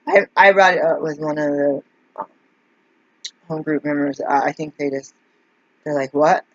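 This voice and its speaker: A woman's voice: low-pitched, moderate pace, no echo. A woman telling a meandering story in a casual vlog, full of fillers and asides. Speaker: vlogger. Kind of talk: casual rambling monologue. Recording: dull lo-fi dry recording.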